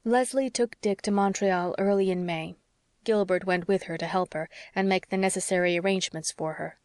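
Lady narrating an old novel, steady, dry studio sound. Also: mid-range voice, normal speed, no room sound. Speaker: audiobook narrator. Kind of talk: scripted narration.

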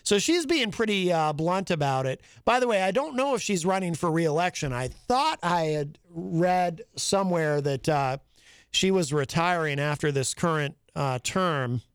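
Male talk radio host, high voice, smooth and clear, dry studio sound, chatty news commentary. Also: animated, normal speed, no room sound. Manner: conversational, thinking aloud with fillers and asides. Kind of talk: call-in talk radio, reading news aloud.

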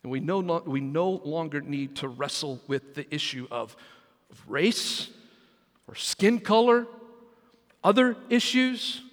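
A man's voice: on the high side, expressive, a little slow, long reverb tail. A man, a senior pastor, preaching a sermon with emphatic delivery and asides that call on the congregation. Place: church sanctuary.

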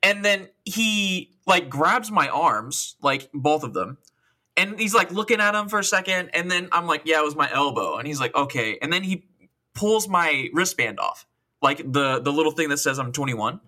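This podcast co-host is a young man in his twenties with a fairly high voice and a normal pace. He tells a long, profane story casually, rambling and animated, packed with quoted dialogue.

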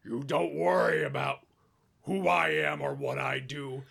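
A man voicing a menacing big male bugbear brute, barking gruff threats in a tabletop game. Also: fairly high pitch, huge pitch swings, unhurried, a bit bright, exaggerated voice. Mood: threatening.

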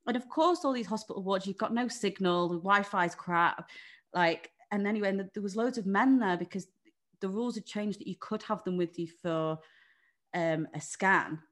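A woman's voice: mid-range voice, normal speed, fairly bright tone. A young English woman telling a personal story in a frank, chatty way, with lots of "like" and "you know" and some swearing. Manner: candid, frank, chatty, with swearing and many fillers. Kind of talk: casual conversation.

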